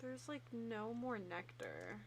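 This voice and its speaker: A woman's voice: a little high, wildly swooping pitch, takes it slowly, slight background noise. A young woman chatting playfully with friends while streaming a game. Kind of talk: casual gaming stream chat.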